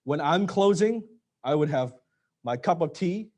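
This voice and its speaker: A man's voice: animated, a little slow, darkish tone. Blunt man coaching a sales class. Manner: blunt, swears, drops to a low emphatic voice. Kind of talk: live training session.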